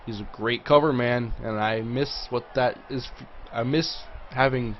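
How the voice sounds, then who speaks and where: A man hosting a livestream, talking casually through a game and reacting loudly whenever a big play lands. His voice sits at an ordinary middle pitch. The audio is a bit dull and lo-fi, with a faint hiss underneath. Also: unhurried. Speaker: livestream host. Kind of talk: live gameplay commentary.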